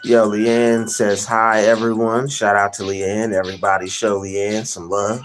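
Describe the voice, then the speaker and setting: A young man hosting a casual livestream, rambling and giving shout-outs to chatters by name. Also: lowish voice, flat delivery, normal speed, few pauses, soft background music. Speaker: livestream host.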